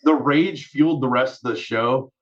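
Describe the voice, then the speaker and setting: A man, a guest musician, telling a story on a casual podcast in an animated way, acting out quotes and swearing freely. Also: mid-range voice, normal speed, muffled recording.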